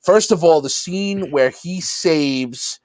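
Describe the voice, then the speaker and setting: A man co-hosting a podcast, excitedly retelling movie scenes with lots of swearing and laughter. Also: on the high side, slow pace, no echo. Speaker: podcast co-host. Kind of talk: casual movie chat.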